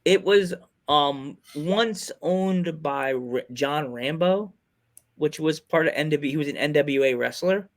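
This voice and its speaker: A man hosting a podcast, telling rambling, excitable stories in casual chat. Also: on the high side, slow pace. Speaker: podcast host.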